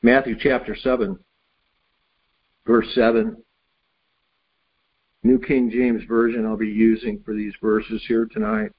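A man delivers a sermon in a slightly husky voice, telling a homely story before reading scripture aloud. The recording is somewhat dull. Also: fairly low pitch, level tone, slow, long pauses. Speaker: preacher.

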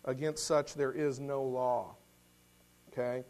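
A man's voice: medium pitch, level tone, takes it slowly, a little mellow. Folksy man telling a sermon story. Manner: folksy storytelling with frequent restarts and throat clearing. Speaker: lay preacher. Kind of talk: conversational sermon with personal story.

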